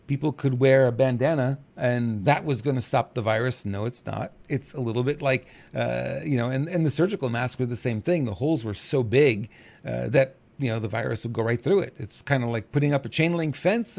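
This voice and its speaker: A middle-aged man talking in a casual monologue as a podcast host, animated and chuckling, acting out quotes. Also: fairly quick, creaky. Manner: animated, acts out quotes with big pitch jumps, chuckles.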